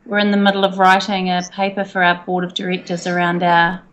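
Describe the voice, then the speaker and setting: A woman with a New Zealand accent answers interview questions over a video call. She speaks in a relaxed, thoughtful manner, pausing now and then as she gathers her ideas. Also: on the low side. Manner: thoughtful, relaxed, some fillers. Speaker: guest, senior safety executive. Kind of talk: casual interview.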